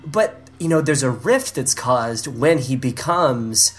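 Animated, giggly podcast co-host. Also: medium pitch, slow pace, soft background music. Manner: playful, rambling, laughs often while riffing. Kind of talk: casual chat.

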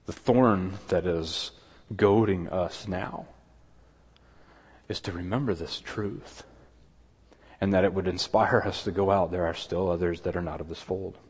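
A man preaching a sermon as pastor, earnest, with quick asides and objections voiced in a higher pitch. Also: steady tone, a little mellow, slightly rough. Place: church sanctuary. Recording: long hall reverb.

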